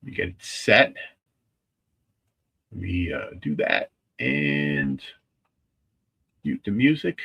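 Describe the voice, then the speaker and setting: A man hosting a casual livestream with a husky voice, talking in a rambling, halting way with many restarts. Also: deep voice, big pitch swings, bright, forceful tone. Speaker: livestream host.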